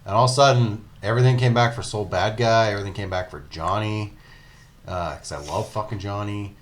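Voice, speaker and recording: A man's voice: on the low side, a little fast. A man co-hosting a casual gaming podcast, rambling with many fillers and laughing often. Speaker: podcast co-host.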